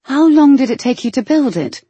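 A woman's voice: high voice, very animated, normal speed, mellow, slightly rough, no room sound, pitched above the performer's own voice, heavily acted. A woman reading an audiobook, voicing a curious, spirited young lady who asks a lot of questions in a lifted, eager voice.

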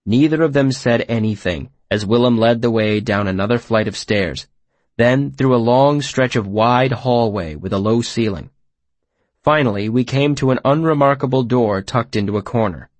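A man narrating first-person fiction in a measured, expressive storytelling manner, on a close mic. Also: mid-range voice, no room sound. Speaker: audiobook narrator.

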